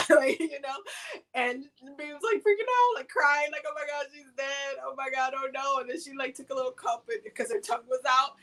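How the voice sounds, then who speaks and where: A woman with a high, slightly bright voice hosts a live oracle card reading, chatting in a loose, slangy way full of fillers and repeated words during casual livestream card pulls. The recording is low quality.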